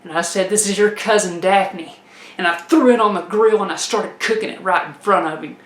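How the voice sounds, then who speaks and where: A woman telling a comic tale in a folksy, animated way, laughing as she goes. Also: mid-range voice, a little fast, reverberant. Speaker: storyteller. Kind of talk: comedic personal storytelling.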